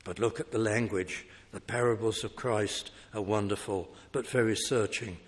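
A man's voice: on the low side, steady tone, normal speed. A man preaching a sermon in an earnest, compassionate way in a church. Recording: echoey hall reverb.

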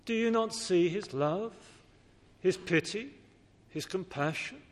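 A man preaches a sermon slowly in a high voice with lively intonation, earnest and pleading as he presses listeners with questions and rises to emphatic appeals. The recording has the long reverb of a large hall.

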